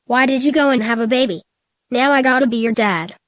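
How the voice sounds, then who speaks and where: A woman's voice: on the high side, a little fast, fairly bright tone, dry recording, lightly acted. A synthetic female text-to-speech voice reading the lines of a hot-tempered male echidna teen in a storybook tale. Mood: angry.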